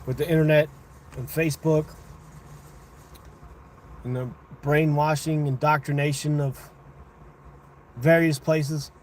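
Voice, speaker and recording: Fairly high-voiced man chatting with viewers. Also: little pitch movement, slow pace, long pauses, a little mellow, slight background noise. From United States. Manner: conversational, argumentative with chat, thinking aloud. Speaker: livestream host. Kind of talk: casual livestream chat reading viewer comments.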